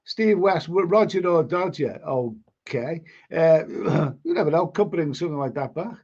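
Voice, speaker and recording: An older man with a Liverpool accent takes his time reading viewer comments on a live stream, his fairly high voice expressive, husky and a little mellow. The casual chat wanders, repeats itself and includes blunt swearing, and the audio is dull and lo-fi.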